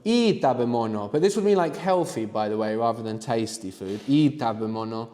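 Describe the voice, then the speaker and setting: A man teaching a live language workshop, explaining slowly and prompting his students to answer. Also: mid-range voice, expressive, warm tone, in a large hall. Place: room with students.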